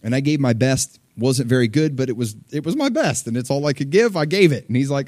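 A man preaching a sermon, conversational with fillers and small laughs, rising to loud peaks and dropping to hushed asides. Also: mid-range voice, expressive, a little fast, few pauses, dry recording. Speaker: pastor.

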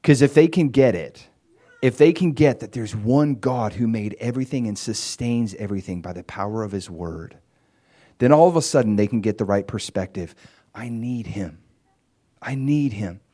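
A man preaching a sermon in an animated way, acting out quoted voices as he retells stories. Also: on the low side, normal speed. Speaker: pastor.

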